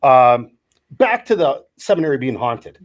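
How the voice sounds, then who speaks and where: A man around fifty from Wisconsin, co-hosting a podcast and telling stories in a casual, animated way, acting out the dialogue as he goes. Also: mid-range voice, unhurried. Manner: animated storyteller, acts out quoted dialogue. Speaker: podcast co-host, former college lineman. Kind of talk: casual storytelling chat.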